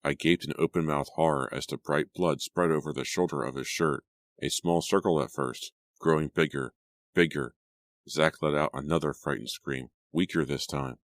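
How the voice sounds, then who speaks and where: A man reading a teen horror audiobook in a steady first-person storytelling manner. His voice is extremely low and the recording is dry and close. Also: normal speed, no echo. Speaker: audiobook narrator. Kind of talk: scripted narration.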